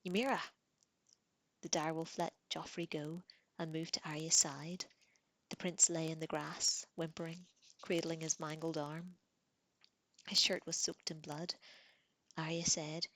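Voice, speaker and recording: Low, soft-spoken woman reading aloud. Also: no room sound. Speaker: reader.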